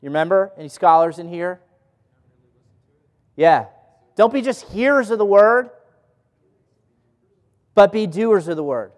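Male pastor, high voice, unhurried questioning delivery, reverberant hall. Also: lively intonation. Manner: asks the audience questions. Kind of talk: interactive Bible teaching.

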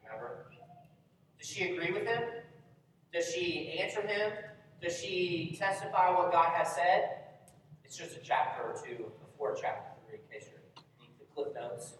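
Bible teacher firing questions at the class, voice way off mic, big boomy hall. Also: animated, normal speed, long pauses, a bit bright, a little hiss or hum. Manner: quizzes the group with frequent questions. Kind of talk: interactive Bible lesson. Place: large echoey meeting room. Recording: very echoey hall, speaker far from mic.

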